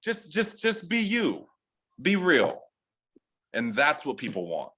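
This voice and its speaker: A man from California leading a sales team call, giving a casual motivational pep talk in a loose, profane way that keeps jumping up in pitch for emphasis. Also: slow pace, low-quality recording. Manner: loose, profane, full of "like" and "dude"; animated, rising pitch for emphasis. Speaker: sales team leader hosting a training call.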